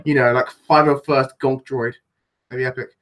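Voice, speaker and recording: A man's voice: medium pitch, little pitch movement, moderate pace, fairly bright tone, a little hiss or hum. A man with a London accent chatting casually on a live stream, answering viewers and rambling, with lots of restarts and self-deprecating asides. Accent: London English. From London, England. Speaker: livestreamer answering chat.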